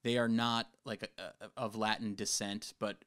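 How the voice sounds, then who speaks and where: A man's voice: fairly low pitch, flat delivery, moderate pace, a bit bright, clear, resonant tone. Teasing man in casual podcast chat. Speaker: podcast guest.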